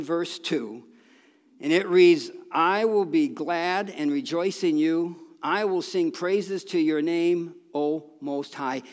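A man preaching a sermon in a folksy, conversational way, with restarts and bursts of emphasis. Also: on the high side. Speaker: pastor. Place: church sanctuary. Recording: long reverb of a church hall.

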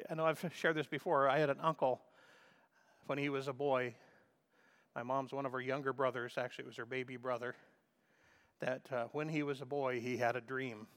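A man's voice: mid-range voice, a bit bright. A man preaching a sermon in an earnest, emphatic way, sometimes stumbling and restarting as he builds his points.

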